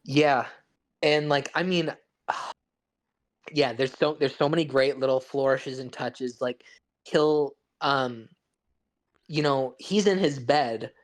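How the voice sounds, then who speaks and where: This co-host speaks slowly in a mid-range voice, pausing often. He rambles eagerly about a film in casual podcast chat, swearing plenty and restarting his sentences.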